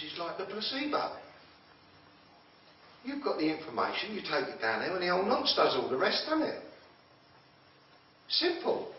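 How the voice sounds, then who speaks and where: A blunt man lectures a group in a confrontational way, firing questions at the listeners. His fairly high voice sits far from the mic in an echoey room. The old recording sounds dull and lo-fi. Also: a little hiss or hum. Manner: blunt, challenging, pokes at the audience with questions. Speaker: motivational speaker.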